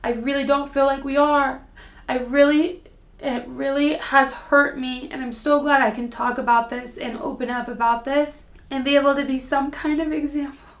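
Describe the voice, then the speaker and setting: A young mom and fitness creator speaks tearfully and earnestly straight to her viewers in an emotional personal vlog, her voice wavering as she holds back tears. Her voice sits high, with a steady tone and moderate pace, in an echoey room.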